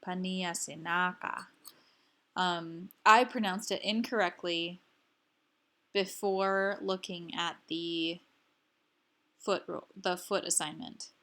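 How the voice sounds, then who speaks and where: Woman going slow thru a language lesson, says every word twice, careful teacher vibe. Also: on the low side, fairly even intonation, a bit bright. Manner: slow, careful, repeats each word for learners. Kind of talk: slow instructional explanation.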